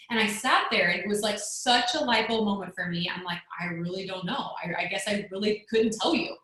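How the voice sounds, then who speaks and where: A young woman tells her own story on a video call, chatty and loose, with "like" sprinkled all through. Her voice sits at an ordinary pitch. The sound bounces around a very echoey room. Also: quick pace, hardly any pauses, a bit bright. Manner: chatty, many "like" fillers. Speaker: network marketing leader.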